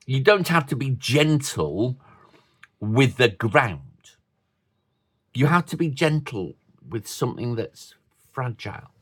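A man preaching a sermon to a congregation with children, in a slow, thoughtful, conversational way with playful asides. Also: medium pitch, big pitch swings, slightly rough. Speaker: pastor.

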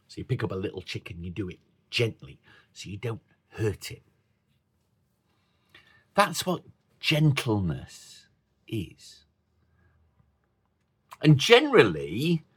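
A pastor with a mid-range, slightly breathy voice preaches to a congregation that includes children. He speaks slowly and thoughtfully in a conversational way, adding playful asides.

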